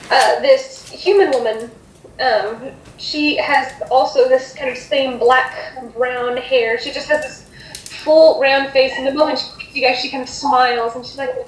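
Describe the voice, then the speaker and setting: High-pitched woman running a tabletop game, halting and rambly, recorded in a roomy space. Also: fairly even intonation, a little hiss or hum. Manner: rambling, hesitant, self-correcting. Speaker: game master. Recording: echoey room.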